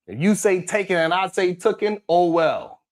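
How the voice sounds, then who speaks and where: A man's voice: sits high, animated, moderate pace. Blunt, heated man hosting a live stream. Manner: blunt, heated and profane, scolding chatters. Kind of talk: casual live-stream talk reading chat.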